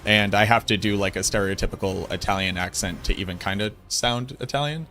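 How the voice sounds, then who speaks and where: A man's voice: fairly low pitch, fairly quick, pushed and bright, soft background music. A man from Boston with a Boston accent, chatting casually and playfully with his livestream viewers and answering their messages. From Boston, United States. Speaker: game streamer.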